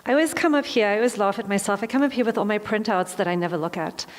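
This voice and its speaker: A woman's voice: mid-range voice, racing. A woman giving a motivational talk to a live audience, telling a personal story and acting out her own reactions. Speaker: motivational speaker. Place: large hall with an audience. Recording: long hall reverb.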